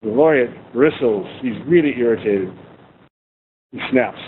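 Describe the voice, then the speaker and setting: A man's voice: animated, a little slow, pauses often. Man in his sixties giving a tinny lecture. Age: 60s. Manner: humorous, conversational, anecdotal. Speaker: guest lecturer. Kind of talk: storytelling university lecture. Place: warm university lecture room. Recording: tinny phone-like sound, faint rumble.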